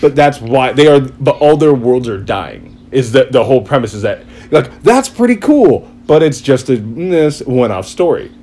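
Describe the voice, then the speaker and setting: A man chatting casually, retelling a story in an excited, rambling way and acting out quotes. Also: mid-range voice, moderate pace, hardly any pauses, faint music behind. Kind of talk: casual chat.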